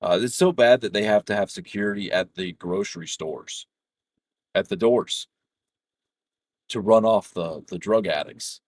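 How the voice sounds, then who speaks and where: A man's voice: lowish voice, measured pace, no echo. A middle-aged man chatting casually over voice chat while gaming, telling stories in a rambling, profane way full of restarts. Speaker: gamer chatting with a friend.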